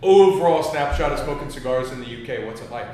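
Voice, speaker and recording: A man hosting a casual talk show, relaxed and joking. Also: mid-range voice, fast talker. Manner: relaxed, joking, laughs often. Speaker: show host. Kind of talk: casual chat. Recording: echoey room from far off, faint noise.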